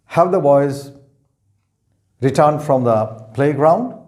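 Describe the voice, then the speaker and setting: Guy teaching english grammar, slow and careful, lots of up and down in his voice, says examples twice. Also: a little high, expressive, a little mellow. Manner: careful, measured, repeats example sentences. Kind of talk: slow explanatory lesson.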